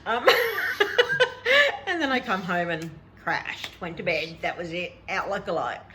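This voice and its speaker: Chatty woman, lively voice. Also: lowish voice, takes it slowly, very noisy. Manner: chatty storyteller, laughs often. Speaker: vlog host. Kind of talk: casual chat.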